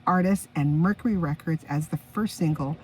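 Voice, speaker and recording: A woman's voice: low-pitched, moderate pace, darkish tone, slightly rough, distant mic, rough recording. A woman in her fifties hosting her own music podcast in a chatty, enthusiastic way, stopping now and then to react to her notes. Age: 50s. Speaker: podcast host. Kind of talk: casual solo podcast chat.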